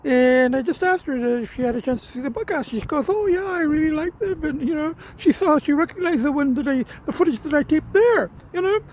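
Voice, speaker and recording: A man's voice: extremely high pitch, lively intonation, brisk, hardly any pauses, a little hiss or hum. Rambling man vlogging around town. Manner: rambling, many fillers and restarts, chuckles. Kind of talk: casual vlog commentary. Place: outdoors and around town, restaurant patio, store.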